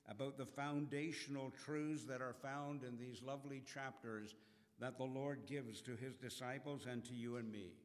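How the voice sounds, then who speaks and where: A man preaching a sermon in an earnest, measured way, reading scripture slowly with emphasis. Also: mid-range voice. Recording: long hall reverb.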